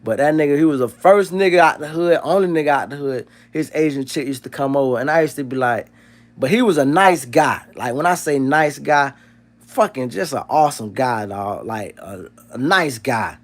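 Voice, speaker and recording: A man's voice: medium pitch, normal speed. A man hosting a livestream, talking in a loose, profane, joking rant. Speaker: livestream host.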